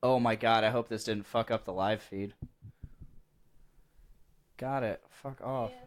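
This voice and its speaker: A man hosting a podcast in casual group banter, excitable and quick to exclaim and swear. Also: lowish voice. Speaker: podcast host.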